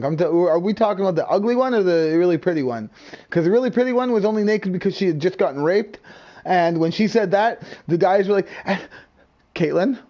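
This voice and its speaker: A man telling a rambling, profane story in casual chat, animated and acting out what others said. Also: on the high side. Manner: animated, profane, acts out quoted voices. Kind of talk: casual storytelling while gaming.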